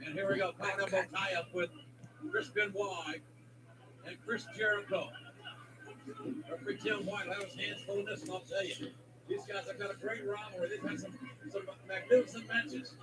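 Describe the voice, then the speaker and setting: A man with a folksy drawl calling a wrestling match as play-by-play commentator, excitable. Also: sits high, normal speed, crowd noise. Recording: distant mic under loud arena music.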